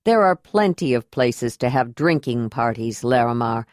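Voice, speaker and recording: A woman voicing a steady male leader who speaks calmly and firmly. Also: rumbling low, moderate pace, no room sound, clean studio sound, voice pushed down. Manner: calm, reasoned and commanding. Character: steady male clan leader, calm and firm.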